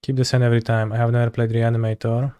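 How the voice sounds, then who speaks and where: A man's voice: medium pitch, little pitch movement, racing, warm tone, clear, resonant tone, dry recording. A man with a Polish accent, a streamer muttering casual, sarcastic commentary over his game, swearing when frustrated.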